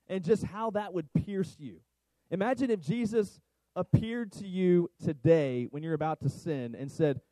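A middle-aged man gives a sermon in a relaxed, conversational way, often turning to the congregation with questions. His voice sits a little high for a man, with a soft, mellow tone. The sound is dry and close. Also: normal speed, no room sound, rough recording. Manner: conversational, asks the crowd questions. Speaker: pastor.

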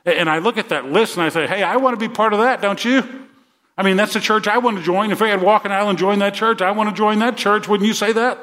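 A man's voice: high-pitched, steady tone, quick pace, hardly any pauses, fairly bright tone. A male pastor preaching a sermon to his congregation in earnest, repeating words as he builds to rousing emphasis.

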